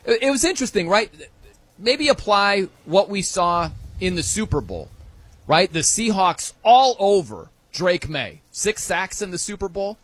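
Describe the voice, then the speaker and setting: A man hosting a sports talk radio show, excitable and quick to mimic stadium chants. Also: high voice, no room sound.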